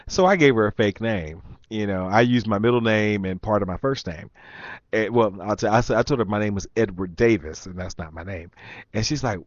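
A man hosting his own show tells a rambling party story, chatty and laughing, and throws asides to his listeners. His voice sits on the low side. The recording is dry and slightly dull, with a lo-fi edge. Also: no room sound. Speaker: show host. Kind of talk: casual storytelling monologue.

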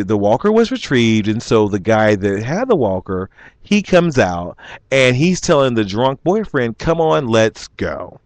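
A man casually telling a story in an animated way, chuckling and acting out what people said. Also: mid-range voice, no echo. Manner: animated, chuckling, acts out quotes.

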